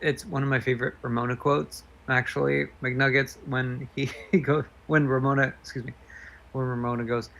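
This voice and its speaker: A man guests on a casual stream, retelling stories eagerly and turning aside to the audience. His voice is gravelly and full of fry. It sits at a middle pitch. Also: level tone, normal speed, fairly bright tone, poor audio. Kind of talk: casual chat.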